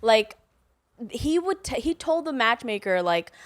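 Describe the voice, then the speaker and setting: A woman comedian tells her story in loose podcast chat, her voice pitched a little high. The sound is dry and close, with no room around it. She laughs often and slips into quoting people. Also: very animated, a little slow, dry recording. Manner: storytelling with laughter and mimicked quotes. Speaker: comedian guest.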